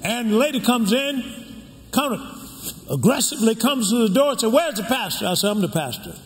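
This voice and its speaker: A man's voice: very high voice, expressive, fairly quick. An older man preaching a sermon as pastor, drawing the congregation in with call-and-response questions. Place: church sanctuary. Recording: echoey hall with background noise.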